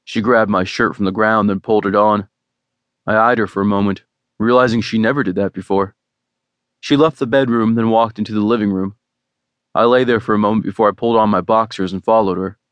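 Low-voiced male romance narrator. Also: steady tone, brisk, fairly bright tone, clean tone, no room sound. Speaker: audiobook narrator. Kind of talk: first-person romance narration.

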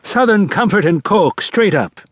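A man's voice: high-pitched, animated, unhurried, dry recording, studio quality, voice pushed up. A man voicing a brash, profane, half-drunk bearded leprechaun who talks cockily and swears freely. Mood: cocky. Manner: cocky, swearing, pushy.

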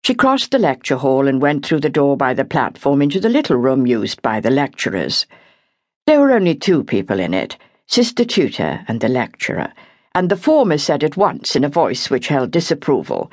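In a clean studio recording with a dry sound, a low-voiced woman narrates a novel for an audiobook. She reads from a script, telling the story in a measured, expressive way.

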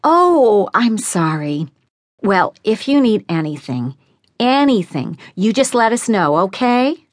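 Narrator doing a fussy sweet neighbor lady, gushy, lifts up high. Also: lively intonation, measured pace, dry recording, studio quality. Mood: gushing. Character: kind fussy neighbor woman, middle-aged.

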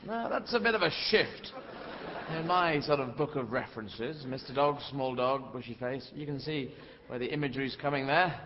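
A middle-aged man performing a rambling stand-up comedy routine on a theatre stage, switching into shouted character voices. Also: mid-range voice, normal speed. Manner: rambling, animated, puts on shouting old-lady voices. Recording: live hall recording, dull sound, audience noise. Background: audience laughter.

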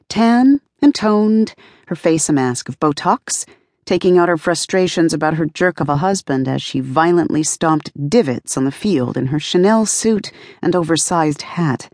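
A woman narrating an audiobook in a measured, even storytelling manner on a close studio mic. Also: on the low side, no room sound. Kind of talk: scripted narration.

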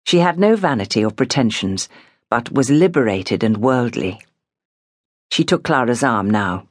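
A woman narrating an audiobook in a measured, expressive storytelling manner. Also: rumbling low, no room sound, studio quality. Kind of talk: scripted narration.

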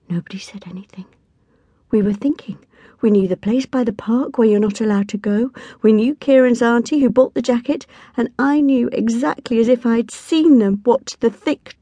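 A woman narrating a children's audiobook in a lively, expressive first-person storytelling manner. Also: on the high side, normal speed, no room sound.

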